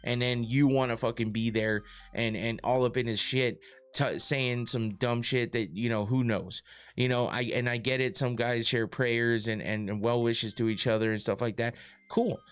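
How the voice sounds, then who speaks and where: A man's voice: mid-range voice, steady tone, normal speed, a bit bright, clean tone. A man hosting a casual podcast, rambling through his points with lots of fillers, restarts and swearing. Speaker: podcast host reading live chat.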